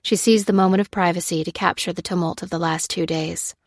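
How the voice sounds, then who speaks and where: A woman narrating an audiobook in a steady, measured storytelling voice. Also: lowish voice, dry recording, studio quality. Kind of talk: scripted narration.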